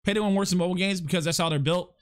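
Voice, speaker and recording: High-voiced young man hosting live. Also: racing. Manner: rambling, stammering, reads and answers chat. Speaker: live podcast and stream host. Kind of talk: casual live chat with viewers.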